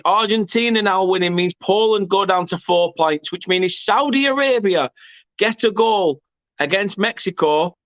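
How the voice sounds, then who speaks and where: English male watchalong host, high tense voice, excitable play-by-play, correcting himself as he goes. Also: no room sound, dull audio. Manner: excitable, self-correcting, erupts at goals. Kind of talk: live match commentary.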